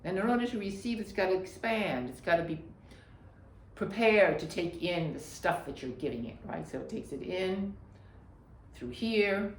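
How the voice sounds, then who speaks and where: A woman's voice: mid-range voice, lively intonation, normal speed. A woman teaching a breathwork lesson, talking emphatically, repeating her cues and checking in with "right?". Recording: echoey room.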